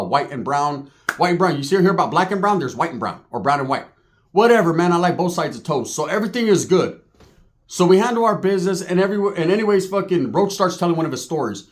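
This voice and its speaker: A man telling a profane, comic story in casual talk, tagging his lines with "right?". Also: on the high side. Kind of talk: comedic storytelling.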